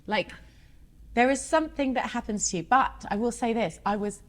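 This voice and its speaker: A woman in her thirties, a singer being interviewed, chatting casually and telling animated stories with frequent laughs. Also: a little high, moderate pace. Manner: chatty, animated storyteller who laughs often. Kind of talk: casual chat.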